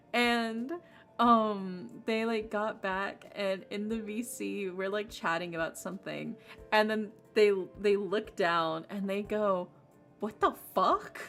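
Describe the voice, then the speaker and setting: Chatty woman streamer, rambling and bubbly, with a gravelly edge over soft background music. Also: medium pitch, takes it slowly. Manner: bubbly, rambling with many fillers. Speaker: game streamer. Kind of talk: casual livestream chat.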